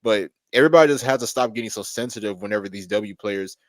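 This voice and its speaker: A man co-hosting a podcast, making his points quickly and repeating them for emphasis in casual chat. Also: lowish voice, dry recording. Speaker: podcast co-host.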